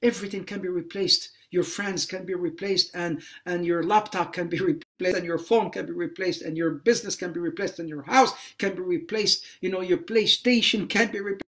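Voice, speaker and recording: A man's voice: sits high, steady tone, brisk, hardly any pauses, a bit bright. A man giving a religious lecture on a livestream, impassioned, repeating phrases for emphasis and mixing in Arabic religious phrases. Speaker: Islamic lecturer.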